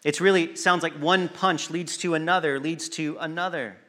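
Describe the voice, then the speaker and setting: A man delivering a sermon in a bright, forceful voice. He speaks earnestly and with emphasis, pausing for effect and now and then restarting a phrase. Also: fairly high pitch, steady tone. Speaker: preacher.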